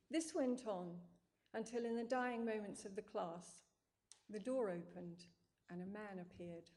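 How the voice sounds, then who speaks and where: A woman reading fiction aloud in a calm, measured, dryly wry way. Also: mid-range voice. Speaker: narrator. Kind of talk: scripted narration.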